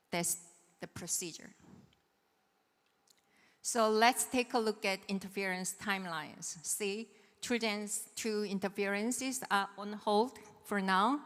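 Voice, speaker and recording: Slow, clear-voiced woman lecturing in a hall. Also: mid-range voice, fairly bright tone. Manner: patient, checks understanding with "right?". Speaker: seminar presenter on patent law. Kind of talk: explanatory technical lecture. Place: seminar hall.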